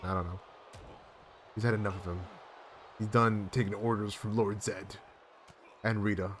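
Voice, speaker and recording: A young man streaming live, giving excitable play-by-play commentary on a wrestling video game with sudden loud exclamations. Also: lowish voice, normal speed, a little hiss or hum.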